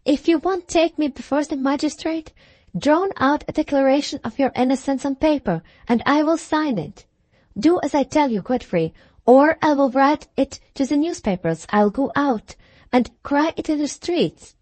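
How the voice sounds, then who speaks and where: A frantic young heiress in the grip of hysterics, as a woman narrator puts her on. The voice rides high and shrill, and she pleads and insists with desperate emphasis. The reading is close and dry, with no room sound at all. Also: expressive, a little slow, darkish tone, no echo.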